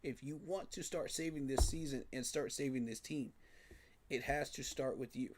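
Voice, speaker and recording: A man's voice: medium pitch, normal speed, slight background noise. A man giving a frustrated, emphatic postgame reaction rant, repeating his points for emphasis. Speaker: sports fan commentator.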